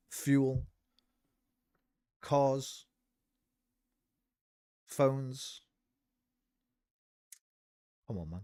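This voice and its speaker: A man's voice: medium pitch, a little mellow, no room sound, clean studio sound. A man giving casual, profane, rambling commentary as he streams a game.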